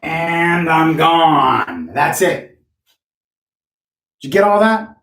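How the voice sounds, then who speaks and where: A man's voice: on the high side, unhurried, reverberant, recorded from a distance. A man coaching real estate agents in a live-streamed training talk, speaking bluntly and cursing freely. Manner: blunt, profane, animated.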